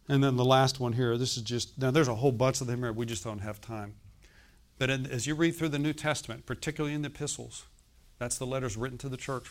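A man in his sixties preaching a sermon as pastor, emphatic and often asking the congregation to answer. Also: medium pitch. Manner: emphatic, asks the congregation questions.

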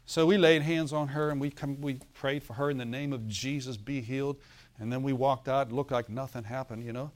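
A man's voice: mid-range voice, steady tone, a little fast. Preacher man calling out amens. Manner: storytelling preacher, calls for amens, laughs often. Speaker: pastor. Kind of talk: sermon.

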